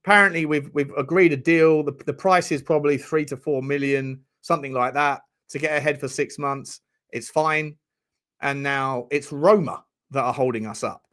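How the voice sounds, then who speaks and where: A man hosting a casual fan live stream, chatting to his viewers. His voice sits fairly high for a man. He rambles, jokes and riffs on the comments as they come in. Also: normal speed, fairly bright tone. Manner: rambling, jokey, banters with chat. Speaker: fan channel host.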